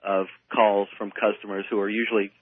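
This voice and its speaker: A man's voice: on the low side, flat delivery, a little fast, narrow, tinny audio, a little hiss or hum. A man appearing as a guest on a radio talk show, explaining things in an easygoing way.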